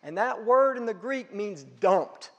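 A middle-aged male pastor preaching a sermon, emphatic and swinging between hushed and loud delivery. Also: high voice, animated, unhurried, in a large hall.

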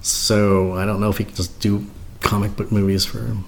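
A middle-aged man, a guest cinematographer, telling stories in a casual chat, animated and searching for words at times. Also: lowish voice, normal speed, creaky, a crowd in the background. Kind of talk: casual conversation.

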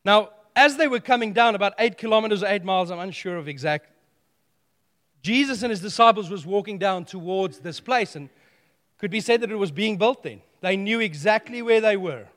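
A man preaching a sermon, animated and playful, telling stories with humor. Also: sits high, brisk, long reverb tail.

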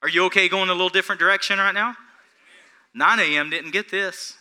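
A man's voice: high-pitched, fairly quick, bright, forceful tone, clear, resonant tone. A man, the pastor, preaching a sermon without notes and asking the congregation questions.

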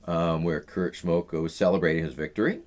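Low-voiced middle-aged man telling stories. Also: fairly even intonation, fairly quick, darkish tone. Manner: rambling, full of "uh" and "um" fillers. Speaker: interview guest. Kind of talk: casual storytelling in an interview.

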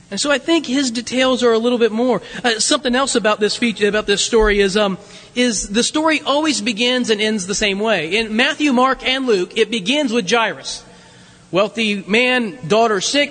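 A pastor delivering a sermon, earnest and animated, reading scripture with dramatic emphasis. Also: male voice, very high voice. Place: church sanctuary. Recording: long church reverb.

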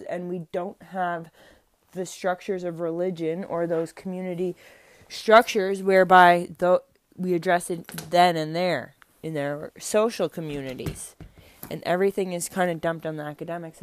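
A young woman talking into a mic at home in a casual, earnest, rambling monologue about her faith, with many restarts and fillers. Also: lowish voice. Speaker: faith vlogger. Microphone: speaking into a mic.

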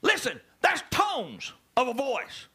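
A male preacher delivering a sermon, dropping to low murmurs and rising to shouted calls to the congregation. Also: huge pitch swings, slow, breathy edge. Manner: swings from low murmurs to loud shouted exhortations.

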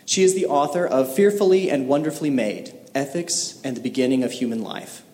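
A man's voice: medium pitch, a little fast, darkish tone. A man hosting the event, formally reading announcements and introducing the speaker. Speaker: event host. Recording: roomy hall reverb, faint ambience.

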